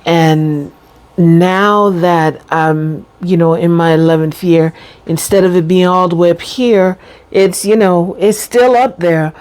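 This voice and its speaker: A woman's voice: fairly low pitch, fairly even intonation, a little mellow. A middle-aged woman vlogging casually about life after a brain injury, breaking into laughter often. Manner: laughs often while talking, drawn-out pauses. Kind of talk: casual talk to camera.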